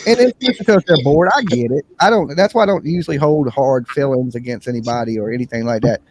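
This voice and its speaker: A man hosting a casual livestream chat, slangy and animated, mimicking other people's voices as he talks. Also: medium pitch, quick pace. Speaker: livestream host. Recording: faint background noise.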